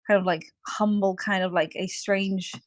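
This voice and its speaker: A woman's voice: mid-range voice, steady tone, moderate pace. Woman, game master, casual rules-explaining narration, lots of "kind of" and "uh". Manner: hesitant, filler-heavy, explaining rules.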